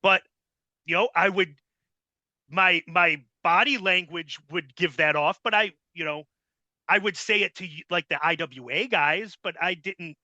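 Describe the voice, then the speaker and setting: Male host, bright forceful voice, blunt and cursing a lot, dry close sound. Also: high voice, measured pace, dry recording, dull audio. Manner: blunt and heavily profane. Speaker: podcast host. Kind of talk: casual interview storytelling.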